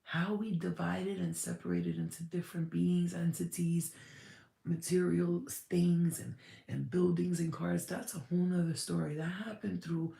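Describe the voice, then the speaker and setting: A woman's voice: lowish voice, flat delivery, measured pace, vocal fry, warm tone, echoey room. A woman giving a casual channeled spirit reading, rambling and blunt, swearing freely.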